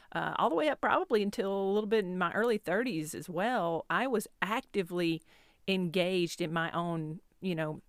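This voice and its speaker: A woman's voice: medium pitch, fairly bright tone, no room sound, studio quality. A woman in her fifties telling a personal story as a podcast host, candid and self-deprecating, rambling with restarts. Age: 50s.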